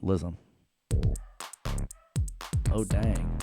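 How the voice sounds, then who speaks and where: A man teaching an audio software class in a playful, joking way, talking the students through each step. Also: low voice, moderate pace, creaky, loud music behind the voice. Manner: playful, jokey, talks to the class. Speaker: audio production instructor. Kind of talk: live classroom software tutorial.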